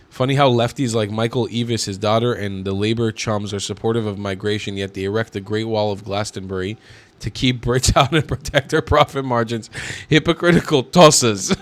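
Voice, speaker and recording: A man's voice: mid-range voice, fairly bright tone. A man giving indignant, mocking reaction commentary on video clips.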